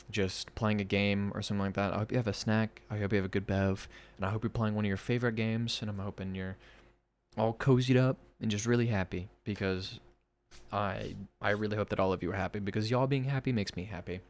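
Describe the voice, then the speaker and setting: A man with a fairly low voice reads horror stories aloud for his podcast. Between stories he drops into eager, chatty asides aimed at his listeners. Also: steady tone, a little fast.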